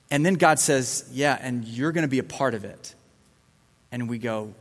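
A man's voice: medium pitch, moderate pace. A man giving a casual, conversational sermon as a youth pastor, acting out the dialogue as he goes. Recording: long hall reverb.

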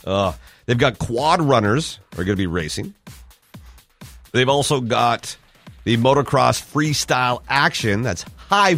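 Man, radio host, casual banter, animated, jokey, faint music behind. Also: medium pitch. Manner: animated, playful, jokes around. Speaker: radio morning show host.

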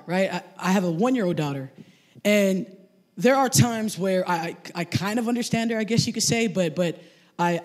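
High-voiced man preaching with a constant "right?". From Samoan family background. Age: 30s. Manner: conversational, peppers every point with "right?"; animated storyteller, asks the crowd to repeat phrases. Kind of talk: sermon. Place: church service in front of a congregation.

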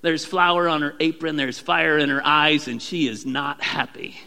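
A male pastor preaching a sermon, acting out prayers in a raised, animated voice. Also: on the high side, a little slow, gravelly, big-room sound.

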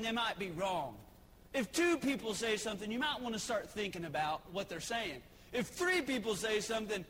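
A man preaching a sermon from a church pulpit, impassioned and building to shouts. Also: high-pitched, a little hiss or hum. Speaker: pastor. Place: church sanctuary. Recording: echoey church hall.

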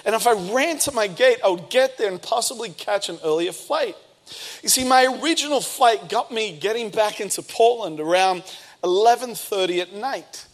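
A man in his thirties, a pastor preaching a sermon and telling a personal story with lively bursts of speed and emphasis. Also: high voice, moderate pace.

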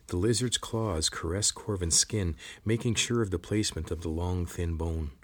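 A man narrating an adventure story in a steady, measured reading. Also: deep voice. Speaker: audiobook narrator. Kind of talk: scripted narration.

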